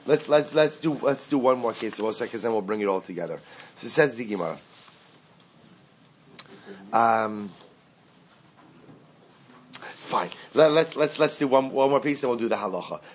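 Male Talmud teacher, mid-pitched, singsong study cadence, repeats himself, asks and answers his own questions. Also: a little hiss or hum. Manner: explains in a singsong study cadence, mixing Aramaic and Hebrew terms. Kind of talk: Talmud class lecture.

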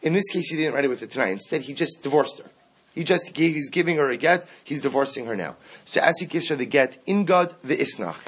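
A man gives a Talmud lesson in a husky, mid-pitched voice. He teaches with energy and slips into the voices of the people in each case to act them out. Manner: animated, acts out quoted speakers, mixes Aramaic terms into English. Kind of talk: Talmud class lecture.

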